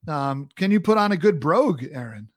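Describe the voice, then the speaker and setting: A man's voice: on the high side, lively intonation, a little fast, no room sound, studio quality. A man hosting a casual interview, easygoing and hesitant, with many small restarts. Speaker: podcast host.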